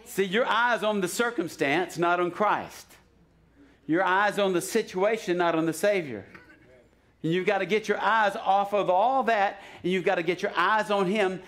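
Brief: male pastor, high voice, casual sermon that builds to shouted urging, church service. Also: normal speed. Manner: conversational preaching that swells to loud, shouted exhortation; joking asides and frequent restarts. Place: church sanctuary.

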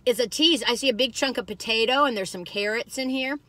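A chatty, excitable woman, reviewing food from her parked car and talking as she eats. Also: a little high, brisk. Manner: chatty, excitable, folksy, talks while eating.

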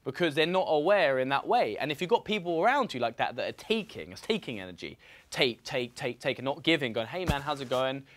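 A man mentoring a group at a seminar, talking in an animated way with lots of "right?" and "you know". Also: mid-range voice, brisk. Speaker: real estate mentor.

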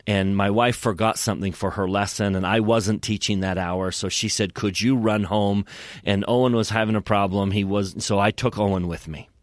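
Earnest man, slow devotional storytelling. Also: mid-range voice, dry recording, clean studio sound. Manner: earnest, emotional, drops to soft hushed tones. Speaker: scripture podcast guest.

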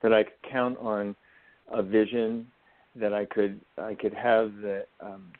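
A man speaks in a lowish voice down a thin, phone-like line. He is a guest in a radio interview, reflective and heartfelt, pausing and restarting as he gathers his thoughts. The call audio is narrow and boxy. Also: flat delivery. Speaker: guest actor and writer.

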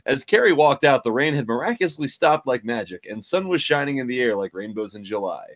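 A man reading a silly novel aloud, narrating in a mock-dramatic, deadpan way. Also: medium pitch, a little fast.

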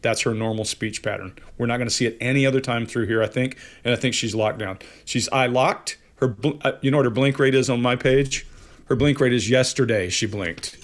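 A man analyzing body language on a panel show, emphatic and fond of acting out the speech patterns he describes. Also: medium pitch.

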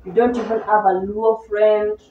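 A woman's voice: medium pitch, level tone, normal speed, phone-quality sound. A young woman from Kenya, the host's best friend, answering and teasing in a casual chat. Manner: teasing, laughing, mixes in Swahili. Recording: echoey room, distant mic, hiss.

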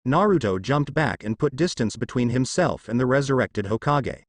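A man reading fan fiction aloud as a narrator, voicing every character in the same plain, steady way. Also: medium pitch, normal speed, no room sound.

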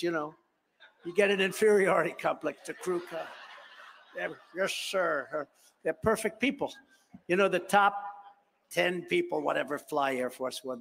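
A man's voice: fairly high pitch, gravelly. An older man giving a rambling, boastful speech to a conference crowd, acting out the dialogue in his anecdotes. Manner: conversational, boastful, acts out dialogue, digressive. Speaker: speaker at a political conference. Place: large hall. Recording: long hall reverb.

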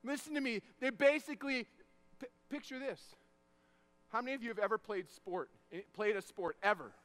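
A man in his thirties delivers an energetic sermon with an unusually high, bright and smooth voice. He tells stories with big swings, shouting the punchlines and going hushed when the moment turns tender. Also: moderate pace. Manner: animated, shouts punchlines, drops to soft tones for emotional moments.

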